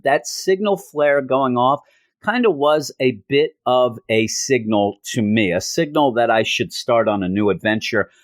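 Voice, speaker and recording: A man talks through a comic issue in a relaxed, chatty review. His voice sits at an everyday middle pitch. The sound is dry, with no room behind it. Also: no room sound. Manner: chatty, retells scenes with acted quotes; loose with fillers and restarts. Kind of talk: casual review chat.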